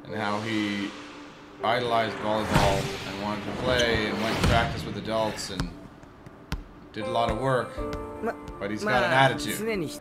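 Excited man reacting over music. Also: fairly low pitch, moderate pace, long pauses. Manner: excited outbursts cheering the play. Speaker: anime reaction commentator. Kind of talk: casual reaction commentary. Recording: music playing behind.

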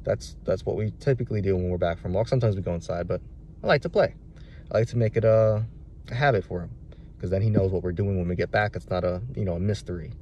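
A man's voice: low-pitched, fast talker, darkish tone, dull audio, slight background noise. Candid rambling man telling a dog story. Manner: rambling, candid, many restarts and fillers. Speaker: dog trainer. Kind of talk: casual vlog storytelling.

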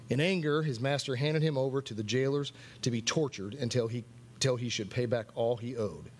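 Husky preacher man, earnest and repetitive. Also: medium pitch, brisk. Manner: earnest, repeats key phrases for emphasis. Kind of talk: sermon. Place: church worship night.

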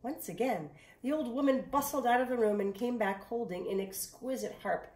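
A woman reading a storybook aloud in an expressive way. She sometimes drops to a whisper and speaks directly to the listener. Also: a little high, normal speed, roomy sound.

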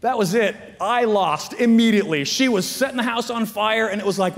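A man giving a candid, self-mocking, animated storytelling talk at a school chapel. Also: high-pitched, fairly quick, gravelly. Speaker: chapel speaker. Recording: long reverb of a large chapel.

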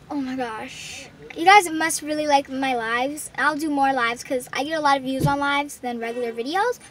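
A woman's voice: high voice, moderate pace, a bit bright, far from the mic, a little hiss or hum. A young woman vlogging, gushing and tumbling over her words as she thanks her subscribers. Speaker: channel owner. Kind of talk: excited vlog thanks to subscribers.

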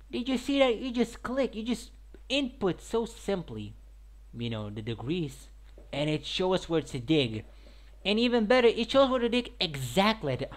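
An excitable man talks casually over his own gameplay, rambling as he goes. He jumps between loud, high bursts of excitement and low, muttered asides. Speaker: gaming video commentator.

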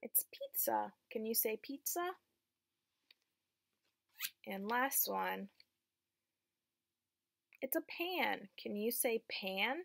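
A young woman teaching little children their letters, speaking slowly and encouragingly as she asks them to repeat sounds after her. Her voice sits a little high, with a gravelly fry at the ends of phrases. The sound is dry and close, with no room around it. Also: animated, fairly bright tone, no room sound. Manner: slow, encouraging, call-and-response with children. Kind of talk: preschool phonics lesson.

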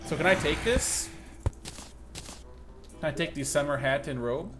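A young man talks through a video game in a casual, joking commentary, often breaking into sudden loud yelps of alarm. His voice sits a little high, and faint background music plays underneath him. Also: unhurried. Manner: excitable and self-mocking, jumps to loud outbursts. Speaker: gaming channel host.

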